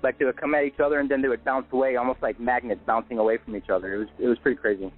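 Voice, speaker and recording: A man calling in to a radio show, talking quickly and with excitement. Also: medium pitch. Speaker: caller. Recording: phone line with faint music.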